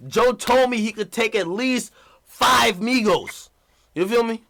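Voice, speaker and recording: A man's voice: extremely high pitch, a little slow, vocal fry. A man hosting a casual livestream interview, talking in a loose, slangy, swearing way. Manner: animated, slangy, swears freely. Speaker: livestream host.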